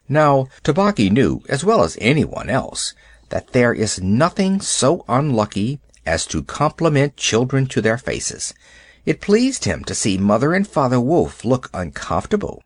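Male narrator reading a classic story, animated pitch, dry close sound. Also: no echo. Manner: expressive, measured storytelling.

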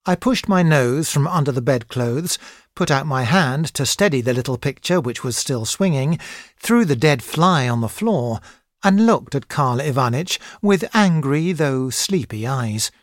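A man narrating a classic novel in a measured, even reading style. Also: mid-range voice, dry recording, studio quality. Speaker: audiobook narrator. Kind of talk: scripted narration.

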